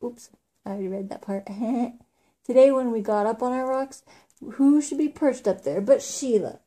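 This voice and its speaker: A woman reads a children's story aloud in a casual, unpolished way, with small slips along the way. Her voice sits a little high but sounds dark and mellow. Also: normal speed. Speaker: reader. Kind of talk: reading a children's book aloud.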